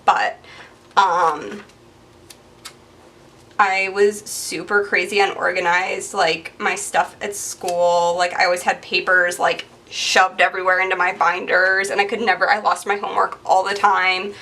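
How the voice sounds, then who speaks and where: A woman's voice: lowish voice, level tone, unhurried, pushed and bright, distant mic. A woman in her twenties chatting casually and rambling as she decorates a planner, full of fillers and asides. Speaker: planner vlogger. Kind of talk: casual chatty narration over crafting.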